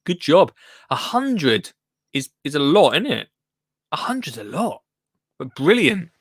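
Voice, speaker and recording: A man's voice: a little high, very animated, a little slow, no room sound. A man hosting a live gardening show, chatting in a rambling way and reading out listener comments. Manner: rambling and chatty, breaks off mid-sentence. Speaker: gardening podcast host.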